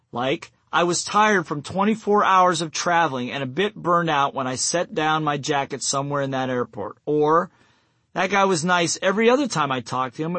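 A man delivers an instructional sales-training talk in a somewhat high voice. He works through numbered steps and drops into short acted bits of self-talk. The sound is close and dry, with no room echo. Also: fairly bright tone.

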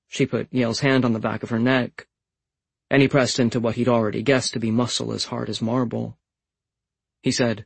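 A man narrating a literary novel in a calm, measured, understated way on a close studio mic. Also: medium pitch, vocal fry, breathy edge, no room sound, poor audio. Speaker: audiobook narrator.

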